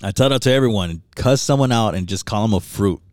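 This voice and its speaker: A man's voice: on the low side, fast talker, a little mellow, dry recording, studio quality. A young man co-hosting a casual podcast, teasing his friend, swearing and laughing often. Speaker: podcast co-host. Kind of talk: casual chat.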